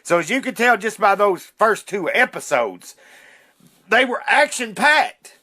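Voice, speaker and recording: A man's voice: sits high, very animated, unhurried, pushed and bright, dry recording, clean studio sound. Fired-up ranting podcast host, man. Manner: indignant, fired-up ranting with cursing. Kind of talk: casual ranting monologue.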